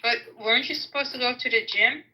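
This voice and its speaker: A woman's voice: a little high, a little fast, pushed and bright, poor audio. A woman chatting casually in a social audio room, teasing and playful.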